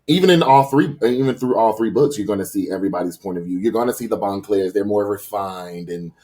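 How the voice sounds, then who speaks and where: A young adult man being interviewed about his books, talking in an animated, rambling way with quick restarts. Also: on the low side. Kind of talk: casual interview chat.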